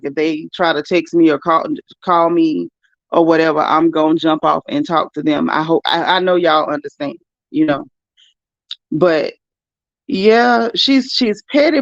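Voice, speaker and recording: Female livestream host, gravelly and chatty, reading viewer comments. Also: lowish voice, no echo, lo-fi sound. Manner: chatty, animated, talks straight to viewers. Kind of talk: casual livestream chat.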